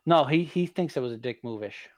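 A man's voice: medium pitch, animated, a little fast, a little mellow, no echo. Profane man telling a story. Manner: profane, matter-of-fact. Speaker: podcast co-host. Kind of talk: casual chat, storytelling.

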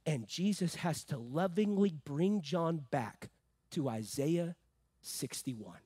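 A male pastor preaching a sermon emphatically, swinging from loud peaks to hushed phrases, with joking asides. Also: sits high, expressive, slow, no echo.

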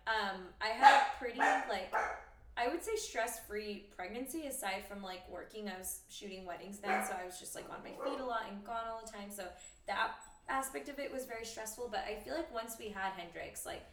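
A woman's voice: medium pitch, fairly quick, very noisy. A woman in her thirties, a podcast guest and mother, chatting casually, laughing often and poking fun at herself. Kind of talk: casual chat. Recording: roomy, slightly distant mic.

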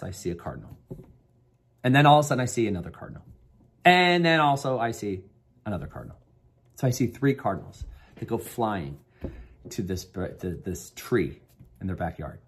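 A man's voice: fairly low pitch, breathy edge. A middle-aged man sharing a personal story and giving an earnest motivational pep talk, rambling with restarts. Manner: earnest, rambling with restarts, rises to upbeat coaching. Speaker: motivational speaker.

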